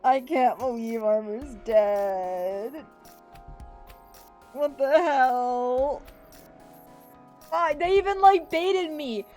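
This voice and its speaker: A woman's voice: sits high, drawn-out words, long pauses, darkish tone, soft background music. A woman streamer reading a story game aloud and reacting with emotion and swearing. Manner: emotional, swears freely, restarts when upset.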